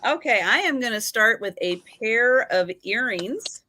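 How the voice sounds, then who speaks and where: A woman's voice: fairly high pitch, animated, measured pace, sharp tone. A woman hosting a live vintage sale, describing items carefully and greeting viewers by name in a casual chat.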